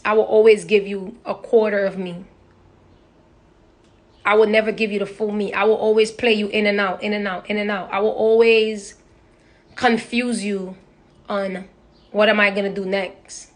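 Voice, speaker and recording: A young woman, a social media personality, chats casually on a phone livestream from indoors, blunt and profane. Her mid-range voice has little pitch movement and a normal pace, broken by long pauses.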